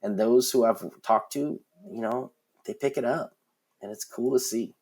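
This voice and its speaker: A man in his forties talks as a podcast guest, frank and rambling. His voice sits at a middling pitch. He circles back with fillers and restarts as the stories pour out. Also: moderate pace, a little mellow, slightly rough. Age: 40s. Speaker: guest, concert production manager. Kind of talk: casual storytelling in a podcast interview.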